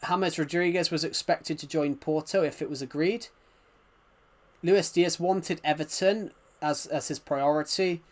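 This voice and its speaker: A man's voice: on the high side, unhurried. Chatty man, English-Welsh border accent. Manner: rambling, talks to viewers' comments. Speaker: livestreamer. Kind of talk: casual livestream chat.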